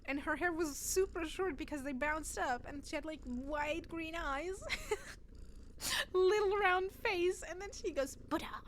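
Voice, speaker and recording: A woman's voice: very high-pitched, a little slow, a little hiss or hum. A woman streamer chatting casually with her viewers, telling stories animatedly and laughing often. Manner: giggly, animated storytelling. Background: faint cat purring sounds.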